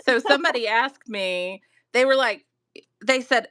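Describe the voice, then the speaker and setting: A middle-aged woman with a mild Southern accent chats on a craft livestream. She is self-deprecating and laughs often. Her voice is bright and forceful, and the recording is dry and close. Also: a little high, normal speed, no echo. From Georgia, US. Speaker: guest crafter. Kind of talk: casual livestream chat.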